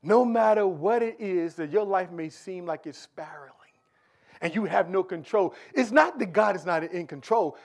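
A man preaching a sermon, swinging from hushed near-whispers to near-shouts, full of repetition and rhetorical questions. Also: high-pitched, animated, moderate pace.

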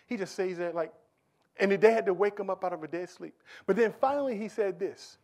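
Male preacher with a high voice and a dramatic sermon, dropping to a hush and rising to near-shouts. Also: expressive, moderate pace, vocal fry. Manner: rhetorical questions, repetitions.

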